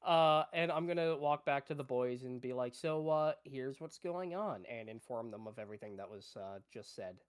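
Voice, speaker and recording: Halting player in a tabletop game. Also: mid-range voice, clean tone. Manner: halting, polite speech in character.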